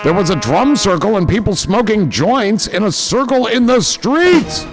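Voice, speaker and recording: A man's voice: sits high, sing-song, unhurried, soft background music. A man hosting a livestream, casually reading viewer comments aloud and riffing on them with profane jokes. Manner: joking and profane, riffing on chat messages. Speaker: livestream host.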